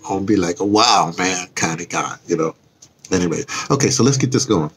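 An older man live-streams from the cold outdoors with a noisy background, meandering, interrupting himself and chuckling as he goes. He has a deep voice with lively intonation and a brisk pace.

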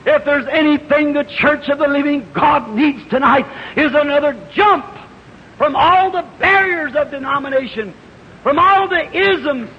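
A man preaching a fervent revival sermon, telling a parable in a storytelling way that rises into shouts. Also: very high-pitched, measured pace. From United States. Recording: lo-fi 1950s hall recording with hiss.

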